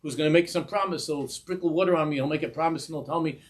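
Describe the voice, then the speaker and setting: Animated rabbi giving a Torah talk. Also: male voice, a little high, fast. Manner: animated, acts out dialogue with Yiddish and Hebrew words.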